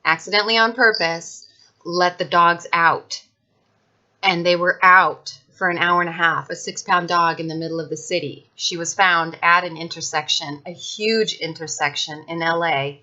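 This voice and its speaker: Woman, casual personal talk, emphatic and blunt, lots of restarts, tense bright tone, dull recording. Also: on the low side, fairly even intonation, normal speed. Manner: frank and emphatic, with frequent fillers and restarts. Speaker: vlogger sharing personal experience.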